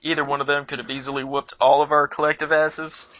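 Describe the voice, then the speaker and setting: A man's voice: a little high, fast talker, muffled recording, noisy background. A man co-hosting a comedy talk show, telling stories casually and acting out the people in them. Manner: animated storyteller who acts out the people in his stories.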